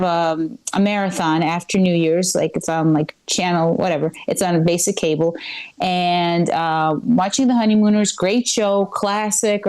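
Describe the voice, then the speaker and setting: A woman's voice: fairly low pitch, a little mellow, smooth, poor audio. A woman performing a live stand-up set at a comedy club, rambling and self-deprecating with many fillers and restarts.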